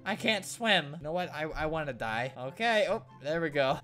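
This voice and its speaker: A man's voice: fairly high pitch, expressive, moderate pace, fairly bright tone, soft background music. A man giving joking gameplay commentary, playing at being sad and sarcastic and often breaking into laughter. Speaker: gaming commentator.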